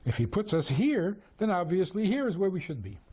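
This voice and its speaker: A man's voice: high-pitched, very animated, a little fast, warm tone, pitched above the performer's own voice. A man voicing Adam, the innocent first man, arguing plainly and logically. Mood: reasoning.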